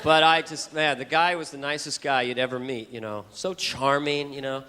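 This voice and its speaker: A male stand-up comedian telling a story, animated and self-deprecating, often bursting into voices. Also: mid-range voice, normal speed, slight background noise. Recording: live hall with crowd laughter.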